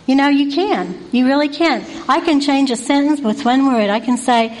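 A woman's voice: on the high side, normal speed, darkish tone, slight background noise, rough recording. A woman giving an informal Christian devotional talk, earnest and folksy, asking one rhetorical question after another. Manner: folksy and repetitive.

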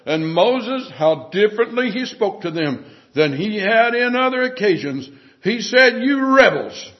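A male preacher delivering an emphatic sermon, often dropping to hushed tones. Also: sits high, lively intonation, measured pace. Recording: dull lo-fi sermon recording.

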